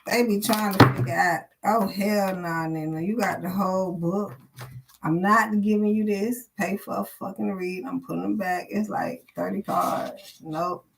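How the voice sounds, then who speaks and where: A woman's voice: medium pitch, measured pace, vocal fry, slight background noise. Blunt, profane woman reading tarot live. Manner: blunt, profane, animated, chatty with viewers. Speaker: tarot reader. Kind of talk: live-streamed tarot reading, casual talk to chat.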